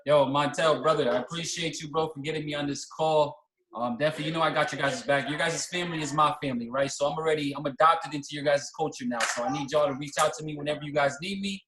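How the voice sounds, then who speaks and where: A man's voice: on the high side, fast, fairly bright tone, rough recording. A man joining by remote call as a guest trader, friendly and reassuring, with a crowd heard behind.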